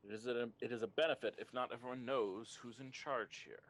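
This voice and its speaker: A man voicing a crafty male hobgoblin who runs a prison, speaking in a low, quiet, measured way with a hint of menace. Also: fairly even intonation, lightly acted. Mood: sly, probing.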